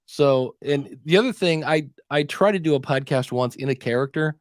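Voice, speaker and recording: A man's voice: fairly high pitch, normal speed, dry recording, studio quality. Easygoing chatty male podcast host. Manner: easygoing, chatty, joking asides. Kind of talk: live podcast Q&A chat.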